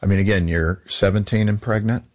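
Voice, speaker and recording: A man's voice: lowish voice, steady tone, a little fast, a little mellow. A man hosting an interview, asking probing questions and offering supportive interjections. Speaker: host.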